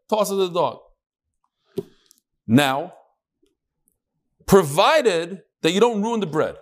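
A man with a somewhat high voice leads an informal Talmud class. He talks in a chatty, loose way and drops joking asides. He mixes Hebrew and Yiddish terms into his English. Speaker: Talmud teacher. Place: room with a small class.

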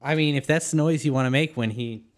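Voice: medium pitch, fast. A player in a tabletop game, joking with hesitant starts. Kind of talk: casual game chat.

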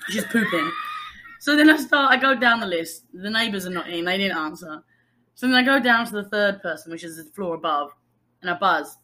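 A woman telling a story in casual chat, animated and laughing often. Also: mid-range voice, fairly quick. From England.

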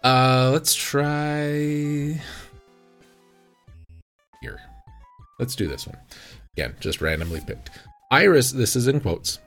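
Male podcast host, husky low voice, lively swooping delivery, reads out every comma and capital, faint music behind. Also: normal speed, long pauses. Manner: reads every punctuation mark and capital letter aloud in mockery. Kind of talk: comedic reading aloud of game reviews. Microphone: video recording.

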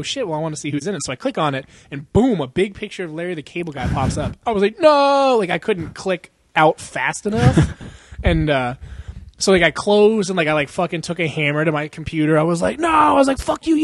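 A man's voice: on the high side, no room sound. A young man co-hosting a podcast in casual chat, rambling and profane, laughing often and acting out quotes. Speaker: podcast co-host.

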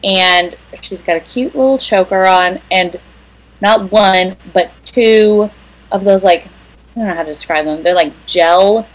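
Young woman co-host, casual and teasing, mid-pitched voice, easygoing chatter, lots of detail. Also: measured pace, low-quality recording. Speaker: podcast co-host. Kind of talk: casual chat.

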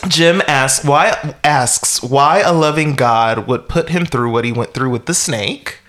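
A man's voice: medium pitch, a little slow, fairly bright tone. Wry, rambling man recapping a film. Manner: rambling, wry, with frequent chuckles and fillers. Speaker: podcast co-host. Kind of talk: casual chat recapping a film.

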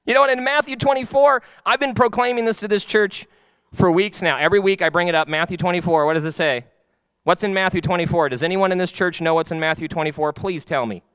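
Guy pastor doing a sermon, chatty and jokey then fired up, smooth clear voice. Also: sits high, fast, fairly bright tone, no room sound. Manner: conversational, self-mocking storytelling; rising to fervent preaching. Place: church.

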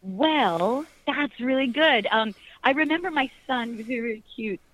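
A middle-aged actress talking animatedly in an interview, laughing often and rambling with restarts. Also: female voice, a little high, normal speed, a bit bright, low-quality recording. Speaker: actress, guest. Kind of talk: casual interview chat.

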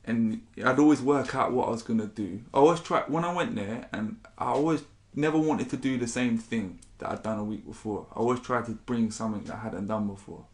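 A man's voice: medium pitch, fairly quick, hardly any pauses. A man, a spoken word poet chatting casually and reading his poetry. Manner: swears casually, rambling, says "innit".

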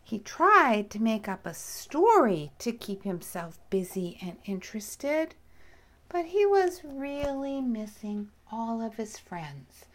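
A woman reading a bedtime story aloud in a gentle, expressive way, often dropping to a whisper. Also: fairly high pitch, slow pace.

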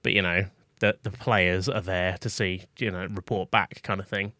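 A man narrating as game master in a relaxed, filler-heavy way. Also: low voice, moderate pace, no echo, studio quality. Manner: relaxed, many "like" and "you know" fillers.

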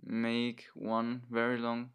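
Slow, halting young man. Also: medium pitch, monotone, clear, resonant tone. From Germany and Chile. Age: young adult. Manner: halting, hesitant, restarts a lot. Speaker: podcast co-host. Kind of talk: casual podcast chat.

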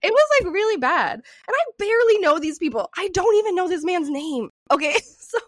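A woman co-hosting a podcast who tells a story in a casual, animated way, swearing freely and laughing often. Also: very high-pitched, fairly quick, dry recording, clean studio sound. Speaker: podcast co-host.

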